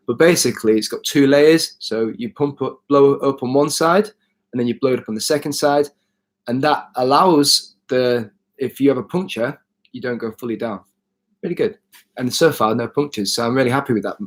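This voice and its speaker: A man chatting casually on a live stream, showing his bike gear and answering viewer comments as he goes. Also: mid-range voice. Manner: chatty, self-correcting, reads out viewer comments. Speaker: cycle touring vlogger.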